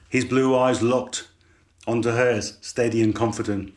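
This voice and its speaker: Calm, measured male narrator for a short story. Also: mid-range voice, echoey room. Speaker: author narrating.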